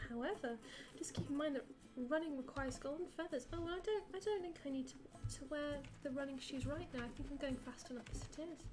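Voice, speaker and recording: A young British woman streaming a video game at home, chatting casually and breaking into giggles and squeals. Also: sits high. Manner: giggly and excitable, bursts into squeals and shrieks. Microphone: desktop mic with headphones. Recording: game music playing behind.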